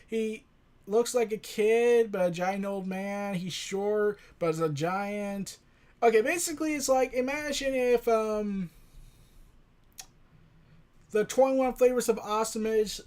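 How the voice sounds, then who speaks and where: Casual comic reviewer, male, higher voice, rambling and excitable. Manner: rambling, filler-heavy, excitable.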